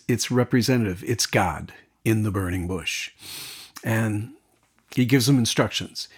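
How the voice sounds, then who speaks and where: Man explaining scripture in conversation. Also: mid-range voice. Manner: animated storytelling with quoted voices, frequent restarts. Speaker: pastor. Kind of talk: conversational Bible teaching.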